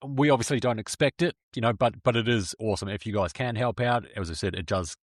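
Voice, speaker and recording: A man's voice: lowish voice, fast talker, dry recording, clean studio sound. A man, co-hosting a casual podcast and telling the story loosely, laughing often. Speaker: podcast co-host.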